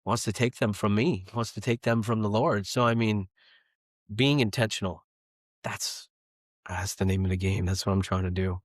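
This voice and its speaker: A man in his thirties with a fairly low voice speaks earnestly and with conviction, in an easy conversational way. The sound is close and dry, with no room around it. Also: fairly even intonation, moderate pace, no room sound. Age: 30s. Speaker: podcast guest. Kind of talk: casual conversation.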